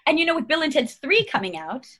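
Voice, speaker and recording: A woman's voice: sits high, big pitch swings, fast talker, fairly bright tone. A woman in her fifties, a guest actress chatting casually, rambling through her thoughts and laughing often. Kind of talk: casual chat.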